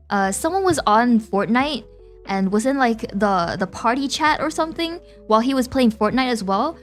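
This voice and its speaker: A young woman VTuber streamer chatting casually with her viewers, giggly and talkative, often laughing between phrases. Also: on the high side.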